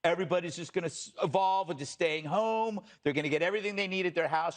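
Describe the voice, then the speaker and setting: A man's voice: high-pitched, fast talker. A man co-hosting a talk panel who riffs in a wry, rambling comic way. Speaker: talk show co-host. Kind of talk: panel discussion.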